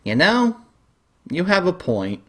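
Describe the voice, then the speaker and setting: A man voicing a hotheaded young southern cartoon critic with a high, boyish-sounding voice who overreacts at everything. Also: big pitch swings, takes it slowly, exaggerated voice. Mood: prodding. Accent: Southern US, put on. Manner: overreacting, shrill ranting. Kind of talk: comedic web review sketch.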